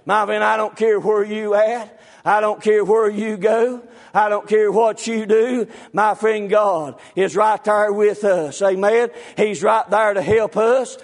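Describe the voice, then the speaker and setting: Fervent high-voiced preacher. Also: male voice, steady tone, measured pace. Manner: fervent, repetitive "my friend", bursts into shouts. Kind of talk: sermon.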